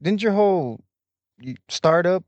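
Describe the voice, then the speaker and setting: A man's voice: high-pitched, animated, a little slow, darkish tone, no echo. A man hosting a podcast, laid-back and profane, chatting casually with short agreeing interjections. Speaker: podcast host.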